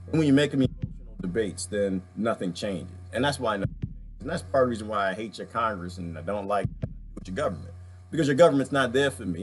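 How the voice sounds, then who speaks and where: Guy ranting hard about politics, keeps repeating himself, music going behind him. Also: mid-range voice. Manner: impassioned, repetitive, preachy. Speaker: video commentator. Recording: music playing underneath.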